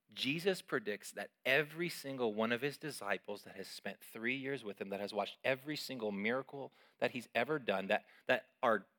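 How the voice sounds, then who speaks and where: A middle-aged man preaching a sermon as pastor, emphatic and animated, with sudden loud peaks. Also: medium pitch.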